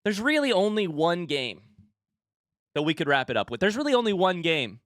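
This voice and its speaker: A young man streaming live, hyping up a charity event with excitable announcer energy and then chatting casually with viewers while out of breath. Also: high-pitched, dry recording, clean studio sound. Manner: excitable, hyped announcer delivery that shifts to quick casual asides.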